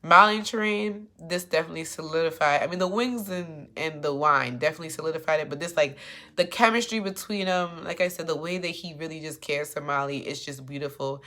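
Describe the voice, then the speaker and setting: A woman giving a casual, animated recap of a TV episode, with features. She is sassy and acts out the characters' lines. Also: low voice, brisk. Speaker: TV recap commentator.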